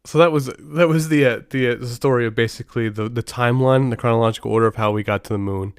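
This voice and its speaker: A man's voice: medium pitch, fast, no room sound. A man hosting a casual podcast, telling rambling, anecdotal stories over a close mic. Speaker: podcast host.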